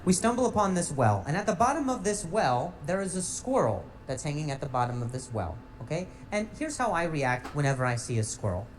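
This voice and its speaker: Lively young stand-up comic man. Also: fairly high pitch, a little fast, few pauses, slight background noise, low-quality recording. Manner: animated, with frequent restarts and repeated words. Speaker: stand-up comedian. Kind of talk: stand-up storytelling.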